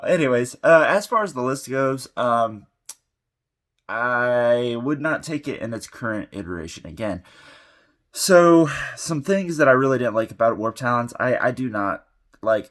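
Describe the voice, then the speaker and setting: Low-voiced man rambling through a game recap. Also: fairly bright tone. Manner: rambling, many fillers and restarts. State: sick. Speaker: tabletop game channel host. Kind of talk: casual post-game recap.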